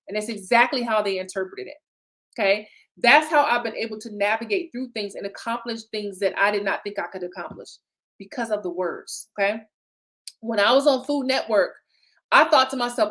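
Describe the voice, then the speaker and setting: A middle-aged woman coaching entrepreneurs in a live online session, chatty and lively, checking in often with the audience. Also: fairly high pitch, normal speed. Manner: lively, chatty, repeats "okay?" and "right?". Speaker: business coach.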